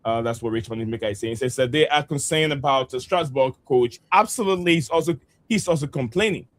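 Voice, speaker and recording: A man's voice: medium pitch, fast. A man from the United States co-hosting a football live stream, reading out viewer comments in a friendly, loose way with many fillers.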